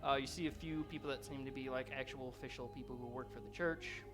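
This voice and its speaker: A man's voice: mid-range voice, fast talker. Laid-back man running a tabletop game. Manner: relaxed, rambling, many fillers. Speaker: game master. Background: background music.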